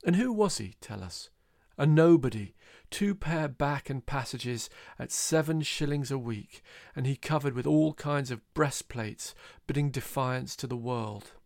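A man reading a literary novel aloud, telling it in a measured, wry way. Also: medium pitch, expressive, creaky, no room sound, clean studio sound. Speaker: audiobook reader. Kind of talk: literary reading with voiced characters.

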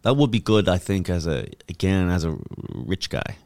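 A man with a low voice chats on a podcast, his pitch swinging widely as he reacts. His remarks are crude and quick. He sounds like a relaxed host. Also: vocal fry. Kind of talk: casual podcast chat.

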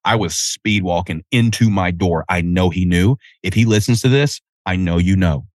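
Man in his thirties, low voice, dry close sound, casual podcast host, animated storyteller. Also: moderate pace, no room sound. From Tennessee. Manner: animated storytelling with cursing and self-interruptions. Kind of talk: casual solo podcast chat. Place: outdoors.

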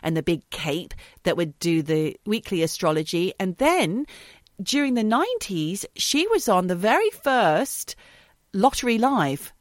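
A woman's voice: mid-range voice, very animated, measured pace, dry recording. A woman co-hosting a podcast, chatting casually, telling stories and teasing her co-host dryly. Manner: chatty storyteller, dry teasing. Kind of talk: casual chat.

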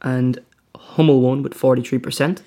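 A man's voice: mid-range voice, steady tone, moderate pace, mellow. A man with an Irish accent, hosting a casual podcast and joking as he reads out listener poll results. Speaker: podcast host.

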